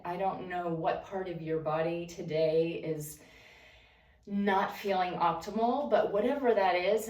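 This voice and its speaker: A woman talking calmly and breathily while she stretches and breathes, walking through her routine in a room at home. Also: mid-range voice, distant mic. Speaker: vlogger leading a stretching routine. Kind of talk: casual narrated stretching session. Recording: echoey room, away from the mic.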